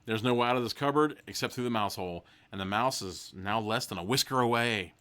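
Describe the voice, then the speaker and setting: A man's voice: on the low side, fairly quick, few pauses, bright, forceful tone. A man hosting a live comedy show, reading a children's gamebook aloud with mock-dramatic delivery and swearing, rambling tangents in between; he is tired and hungry. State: sleep deprived and hungry. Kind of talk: live comedic read-along with profane asides.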